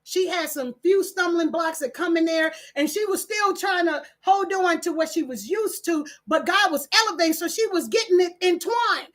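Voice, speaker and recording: With a very high voice at normal speed and few pauses, a middle-aged live streamer reads the chat aloud. She's preachy and animated, often erupting into laughs and shouts.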